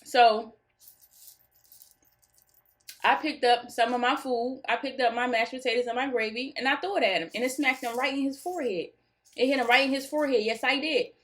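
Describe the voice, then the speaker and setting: A woman's voice: on the high side, moderate pace, pauses often. Goofy woman telling a storytime tale. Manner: goofy, laughs easily, animated retelling. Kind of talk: casual storytime chat.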